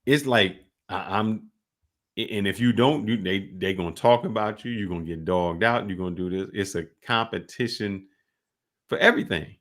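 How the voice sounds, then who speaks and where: Animated low-voiced male podcast host. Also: moderate pace. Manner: animated storytelling, often rising loud. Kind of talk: casual sports talk.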